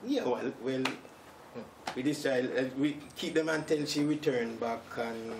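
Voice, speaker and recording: Soft-spoken man, distant and echoey. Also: mid-range voice, measured pace. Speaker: interviewee, builder. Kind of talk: casual interview answers. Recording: echoey and distant, noisy surroundings.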